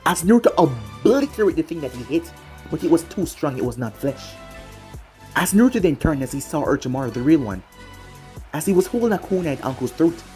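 A narrator reading a fan-fiction action story aloud, with a dramatic storytelling delivery. The voice is mellow and dark with a lively, animated pitch, and faint music plays behind. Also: brisk.

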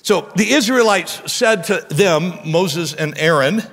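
A man pastor preaching a sermon in an animated way, often stammering and restarting his words. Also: high-pitched, slow pace, few pauses. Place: church sanctuary. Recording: long church hall reverb.

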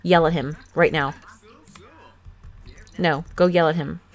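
This young woman's voice sits low, with fairly even intonation, and she takes things slowly. As a let's play host, she casually comments on a life-sim game into a desktop USB microphone, chatty and giggly with many fillers.

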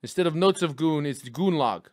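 A man's voice: sits high, very animated, slow pace, dry recording, voice pushed up, exaggerated voice. A man playing a brash, crude Russian podcast host in a put-on Russian accent with broken English and dropped articles. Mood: hammy greeting. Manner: loud and hammy, dropping articles.

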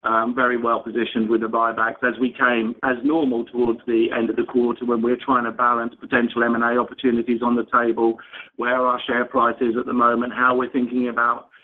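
A man, a company executive answering analyst questions on an earnings call in a measured way with many restarts. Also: medium pitch, monotone. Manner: measured, with frequent restarts and fillers. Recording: tinny phone line with faint noise.

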